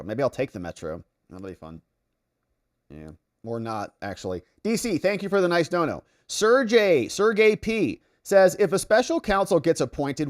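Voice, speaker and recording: A man hosting a casual livestream, reading out viewer comments and reacting to them. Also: mid-range voice. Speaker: livestream host.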